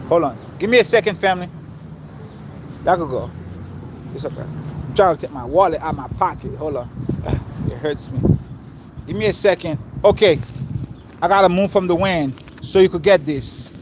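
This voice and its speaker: A man with a notably high voice teaches scripture outdoors, talking loosely and throwing questions at his listeners before explaining the answers. He sits on grass, and faint outdoor noise runs underneath. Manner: informal, quizzes listeners and explains terms. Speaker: spiritual teacher. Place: outdoors, sitting on grass in the wind.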